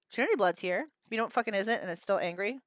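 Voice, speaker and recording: A woman's voice: medium pitch, expressive, brisk, dry recording. A woman in her thirties hosting a livestream, chatting casually with viewers, laughing often and swearing freely as she reacts to chat. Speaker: livestream host.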